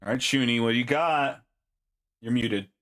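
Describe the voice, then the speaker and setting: A man runs a tabletop game as game master, laughing and exclaiming at the players' moves. His voice sits at an ordinary pitch. Faint music plays under the talk. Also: moderate pace. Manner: animated, reacts with laughs and exclamations.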